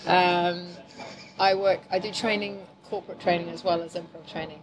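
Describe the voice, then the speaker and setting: A middle-aged woman from New Zealand with a mixed, softened accent, talking casually and laughing easily as an improv teacher on a podcast. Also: on the low side, fairly even intonation, normal speed, background noise. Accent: New Zealand, softened by years in England. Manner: chatty, laughing, self-deprecating. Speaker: improv teacher and corporate trainer.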